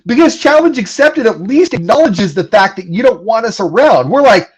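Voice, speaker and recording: Man, fairly high voice, very lively pitch, joking self-mocking banter. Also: normal speed, breathy edge, rough recording. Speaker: radio show co-host. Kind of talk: casual banter.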